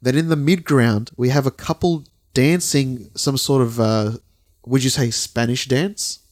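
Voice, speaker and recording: A man's voice: mid-range voice, a little slow, a little mellow. A man co-hosting a casual podcast, rambling as he describes a video and swearing freely. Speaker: podcast co-host.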